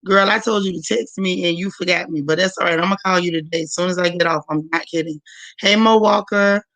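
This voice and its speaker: A hoarse woman hosting a livestream in casual chat, warmly greeting viewers by name one after another. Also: fairly low pitch, fairly even intonation, a little fast, dry recording, poor audio. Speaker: livestream host.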